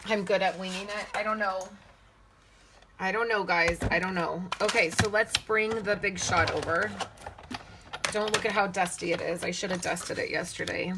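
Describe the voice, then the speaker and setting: A woman's voice: medium pitch, steady tone, normal speed, background noise. A woman leading a casual live card-making demonstration, chatting and thinking aloud as she works and answering viewers' comments. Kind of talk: casual live crafting demo.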